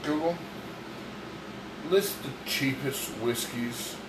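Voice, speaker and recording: A man's voice: mid-range voice, slow, noisy background. A man co-hosting a podcast, teasing and bickering with his partner and swearing now and then. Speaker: podcast co-host. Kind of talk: casual argumentative chat. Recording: echoey room with humming air conditioner.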